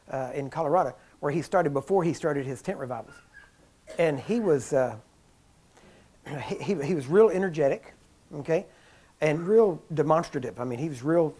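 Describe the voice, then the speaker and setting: A male preacher telling stories in a sermon, laughing often and acting out the people he describes, getting louder as he goes. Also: high-pitched, slight background noise. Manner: grows louder and more excited as the story builds. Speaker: preacher teaching on healing. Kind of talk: storytelling sermon talk.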